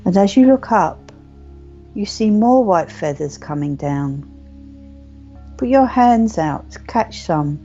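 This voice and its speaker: A woman leading a guided meditation in slow, soothing, repetitive phrases. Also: mid-range voice, lively intonation, mellow. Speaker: meditation teacher. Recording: muffled lo-fi recording with faint music.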